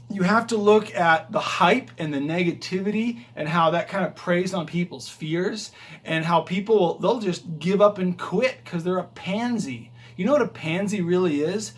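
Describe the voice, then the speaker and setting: A man vlogging as a rideshare driver, walking through his house and talking to a handheld phone camera in an emphatic, rambling, motivational way. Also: sits high. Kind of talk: casual vlog talk to camera.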